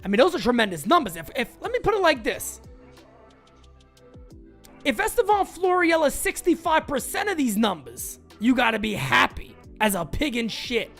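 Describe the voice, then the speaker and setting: A woman hosting a live-stream sports chat show, talking in an animated, emphatic way and greeting her chatters. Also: sits high, normal speed, faint music behind. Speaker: sports talk show host.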